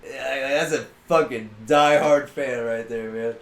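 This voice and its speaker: A man co-hosting a podcast, telling a story in a loud, profane, animated way and laughing often. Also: medium pitch, measured pace, gravelly, roomy sound, a little hiss or hum. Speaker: podcast co-host. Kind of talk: casual storytelling chat.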